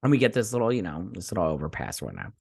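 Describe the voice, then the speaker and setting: A man's voice: sits low, wildly swooping pitch, very fast, gravelly, darkish tone, slightly rough. Tired, rambling man recapping a show. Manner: rambling, chatty retelling full of "I'm like". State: tired, yawning. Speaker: TV review host. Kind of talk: casual episode recap and reaction.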